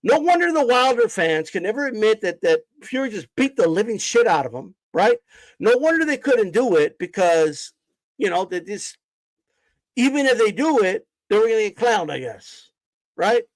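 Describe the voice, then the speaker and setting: A boxing streamer with a high, sing-song voice rants on a live stream at a moderate pace, cursing and confronting his chat in a mocking, combative way. The recording is dry and rough.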